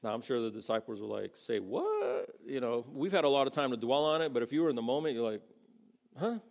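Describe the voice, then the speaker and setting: Male pastor, gravelly voice, easygoing sermon delivery with quoted voices. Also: medium pitch, very fast. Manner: conversational, acts out quoted voices.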